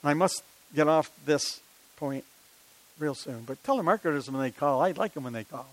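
A man's voice: fairly high pitch, moderate pace, low-quality recording. An older man, preaching a sermon in a conversational style with many rhetorical questions and personal stories.

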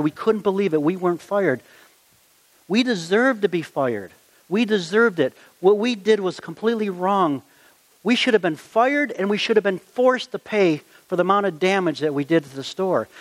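A middle-aged man telling a personal anecdote in a folksy, animated way, acting out the quotes as he goes. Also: high-pitched, moderate pace. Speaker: storyteller. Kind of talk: personal anecdote, told aloud.

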